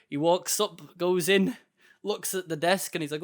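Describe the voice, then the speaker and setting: A man's voice: a little high, brisk. A young man co-hosting a podcast, telling a story in a laid-back, casual way. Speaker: podcast co-host. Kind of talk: casual chat.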